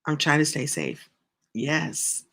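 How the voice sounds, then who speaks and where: A woman's voice: sits low, steady tone, slow, a bit bright. A middle-aged woman coaching in a casual live stream, chatty and encouraging as she answers viewer comments. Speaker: business and writing coach.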